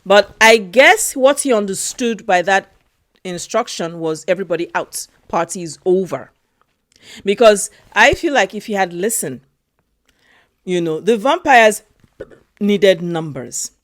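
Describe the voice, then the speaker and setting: Slow, emotional woman reviewing a film. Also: mid-range voice, lively intonation, dry recording, studio quality. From Europe. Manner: slow, emotional, repeats phrases. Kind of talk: casual film review vlog.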